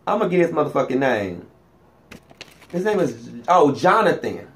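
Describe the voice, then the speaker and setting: Sassy flamboyant man, slightly high voice. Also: big pitch swings, moderate pace, fairly bright tone. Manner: sassy, flamboyant, swings pitch up and down for emphasis. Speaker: vlogger. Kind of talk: profane comedic gossip monologue.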